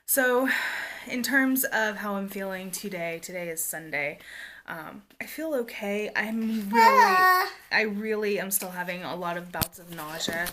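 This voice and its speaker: A woman in her thirties chatting candidly to the camera at home, soft and rambling with lots of fillers, sometimes dropping to a near-whisper. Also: mid-range voice, measured pace, a little hiss or hum. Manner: drops to a hushed near-whisper at times. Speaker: family vlogger, mother. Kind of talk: casual to-camera vlog chat. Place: home, indoors.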